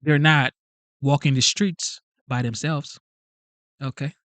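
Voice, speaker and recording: A man hosts a live stream, speaking with a fairly high pitch for a man. He repeats lines and fires off rhetorical questions in a lively way. His voice sounds dry and close to the mic. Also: slow pace, dry recording. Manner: animated, repetitive, asks rhetorical questions. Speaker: channel host. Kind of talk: live-stream commentary reading chat.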